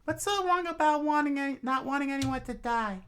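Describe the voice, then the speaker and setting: A man putting on a high pleading princess. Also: fairly quick, a bit bright, slight background noise. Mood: anguished. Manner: high strained falsetto. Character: pleading young princess, earnest and desperate. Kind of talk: comic read aloud.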